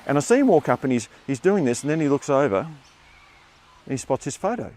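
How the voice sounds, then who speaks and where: An older man with an Australian accent, a former teacher telling a story live on a theatre stage, animated and acting out the voices of the people in it. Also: fairly high pitch, normal speed.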